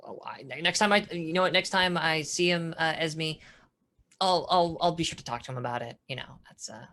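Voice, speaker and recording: A woman playing a stammering, sincere gentle man. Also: low voice. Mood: apologetic. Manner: stammering, halting, many restarts.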